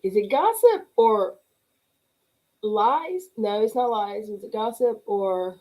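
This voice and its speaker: A middle-aged woman with a drawl and a mellow, relaxed voice chats loosely through a livestream. She laughs often and greets each viewer by name as the comments scroll past. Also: medium pitch, slow pace, low-quality recording. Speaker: livestream host. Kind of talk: casual chat reading live comments.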